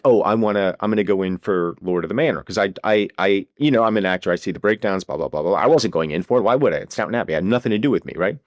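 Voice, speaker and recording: Animated man telling a comic story. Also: on the low side, dry recording, clean studio sound. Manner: animated, stammering restarts, mock-earnest. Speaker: podcast co-host. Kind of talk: comic storytelling in casual chat.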